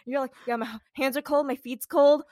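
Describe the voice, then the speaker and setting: A young woman co-hosting a podcast in casual chat, swearing freely and acting out quotes with big pitch jumps. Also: fairly even intonation, fast talker, warm tone, a little hiss or hum. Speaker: podcast co-host.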